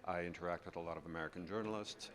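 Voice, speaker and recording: Halting Canadian male reporter. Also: low-pitched, fairly even intonation, a bit bright. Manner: hesitant, many fillers and restarts. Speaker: entertainment reporter, interviewer. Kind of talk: interview questions.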